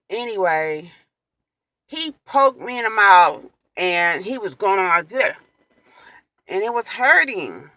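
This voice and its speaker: Woman vlogger retelling a bad experience, bright tense tone, dry close sound. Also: on the low side, no room sound. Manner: emotional, animated retelling with quoted exclamations. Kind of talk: personal storytime vlog.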